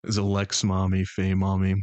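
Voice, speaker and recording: A man's voice: sits low, completely flat delivery, normal speed, darkish tone, no room sound. A young man streaming and bantering with his chat, joking and sarcastic. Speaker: streamer and game master.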